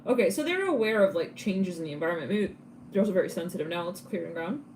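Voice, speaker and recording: A woman giving a live tarot reading in a chatty, casual way, laughing often and breaking into quick asides. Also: lowish voice, lively intonation, a little mellow, a little hiss or hum. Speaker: tarot reader.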